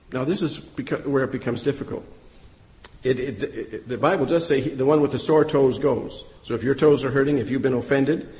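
Male pastor, mid pitch, emphatic storytelling sermon, long hall reverb. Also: darkish tone. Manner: storytelling preacher, emphatic repetition.

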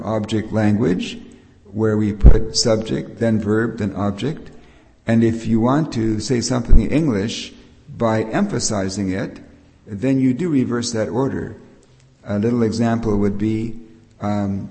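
An older male preacher gives a Bible teaching sermon, explaining things patiently and often restarting his sentences. His voice is mellow and fairly low, and the recording carries the long reverb of a hall.

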